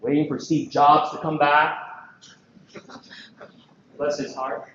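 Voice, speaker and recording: A man from the Philippines giving an energetic conference presentation, lively and joking, full of rhetorical questions. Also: on the high side, takes it slowly, noisy background. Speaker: conference speaker. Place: large conference hall. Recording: echoey, dull hall recording.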